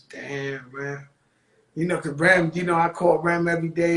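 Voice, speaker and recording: High-voiced man hosting in an echoey room. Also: fairly even intonation, a bit bright. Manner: loose, profane, street-talk delivery; slows into motivational preaching. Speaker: talk show host. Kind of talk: casual storytelling monologue.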